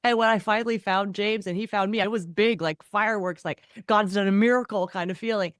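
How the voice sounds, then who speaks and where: A middle-aged woman, a guest author in a podcast interview, talking in an animated way and acting out quoted voices. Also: mid-range voice, a little fast, no echo, studio quality.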